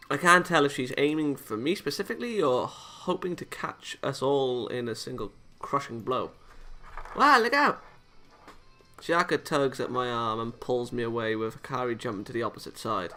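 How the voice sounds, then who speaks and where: A man's voice: medium pitch, bright, forceful tone. A young man reading a visual novel aloud as a let's-play host, casual, with jokey asides and small stumbles.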